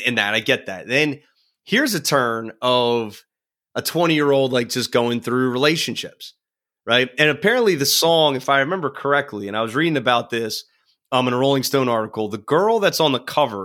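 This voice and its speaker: A man guesting on a music podcast, talking in an animated, rambling way full of "like" and bursts of laughter. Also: mid-range voice, moderate pace. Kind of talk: casual music podcast chat.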